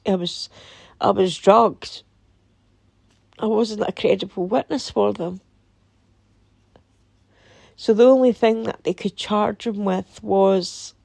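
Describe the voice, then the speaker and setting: A Scottish woman telling a painful personal story in a halting, somber way, with many pauses and restarts. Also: medium pitch, creaky, darkish tone, no echo. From Scotland. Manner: somber and emotional. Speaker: vlogger. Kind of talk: personal testimony.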